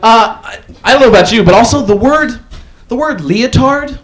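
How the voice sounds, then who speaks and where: A man doing a stand-up comedy set, deadpan setups broken by loud acted-out quotes. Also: very high voice, moderate pace. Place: comedy club stage. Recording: live club audience laughing. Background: audience laughter.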